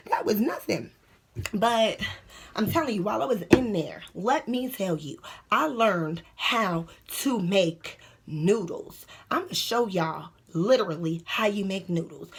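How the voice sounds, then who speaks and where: A young woman with a slightly high, husky voice vlogs from a cramped bathroom. Her storytelling is brash, animated and full of profanity, and she frequently lowers her voice to a whisper.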